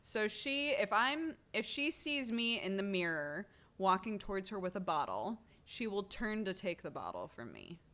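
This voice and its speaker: A woman's voice: medium pitch, big pitch swings, moderate pace, hardly any pauses, fairly bright tone. A woman streamer chatting casually and using playful baby talk with an infant. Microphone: desk microphone.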